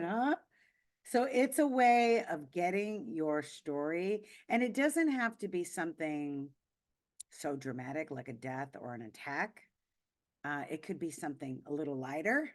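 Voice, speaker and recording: A middle-aged woman and public speaking coach giving a webinar talk. She shifts between hushed, confessional storytelling and lively, emphatic coaching. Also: low voice.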